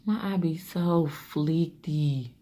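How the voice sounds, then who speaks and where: A woman vlogger, chatting casually while doing her makeup and telling an exasperated story in animated, sassy bursts. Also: low-pitched, slow pace.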